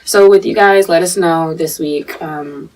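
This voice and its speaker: A woman from North Carolina co-hosts a laid-back podcast with a light Southern accent and an easy, chatty flow. Her voice sits low and a little husky, and she is heard from some distance off the microphone. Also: a little slow. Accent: light Southern American. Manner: relaxed, chatty, many "like" fillers. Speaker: podcast co-host. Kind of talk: casual chat.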